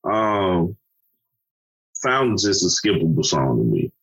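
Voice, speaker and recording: Low husky male co-host, halting and thoughtful. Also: very animated, muffled recording. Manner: hesitant, rephrases, many fillers. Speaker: podcast co-host. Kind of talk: casual music review chat.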